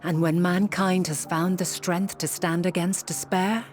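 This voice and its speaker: A woman voicing an ancient, wise and calm motherly figure in a game cutscene, speaking in a solemn, measured, formal way. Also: lowish voice, natural voice. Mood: solemn resolve. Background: game score music.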